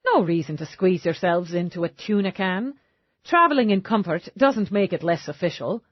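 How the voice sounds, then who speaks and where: A woman narrator voicing a suave, wealthy man who speaks smoothly and teasingly in an audiobook. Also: lowish voice, animated, normal speed, dry recording, highs cut off. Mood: breezy. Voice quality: smooth, unruffled.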